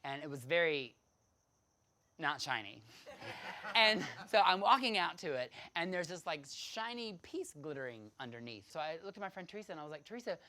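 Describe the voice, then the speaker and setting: A man telling a personal story to an audience, animated and dramatic, often laughing. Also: a little high, moderate pace.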